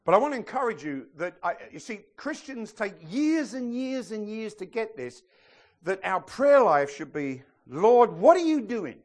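Lively preaching man. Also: high-pitched, moderate pace. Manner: lively preacher, asks the congregation questions, jokes and laughs. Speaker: pastor. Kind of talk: sermon.

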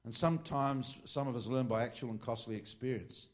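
A middle-aged Australian man gives an informal sermon to a ministry class, talking a little fast in a mid-range voice. He rambles and jokes, tossing in frequent asides and correcting himself as he goes.

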